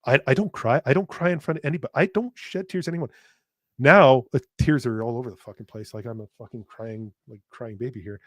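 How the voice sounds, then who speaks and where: A man talks through a personal podcast monologue in a mid-range voice, earnest and halting, often restarting and repeating words before pushing on. His speech is blunt and plain, with casual swearing. The sound is dry, with no room echo around it. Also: medium pitch. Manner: earnest, speaking straight to listeners. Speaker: podcast host.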